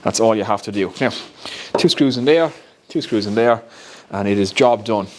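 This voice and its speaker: A man's voice: on the low side, moderate pace, a little mellow, a little hiss or hum. Chatty Irish man in his workshop. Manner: chatty, explains step by step, laughs at himself. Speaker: woodworking YouTuber. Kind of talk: casual workshop tutorial. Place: home workshop.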